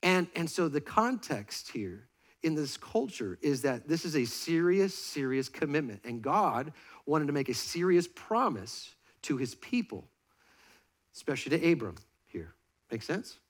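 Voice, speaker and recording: Lively pastor, slightly high voice. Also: male voice, unhurried. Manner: lively, joking, directs volunteers on stage. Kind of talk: sermon with on-stage demonstration. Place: church stage before a congregation.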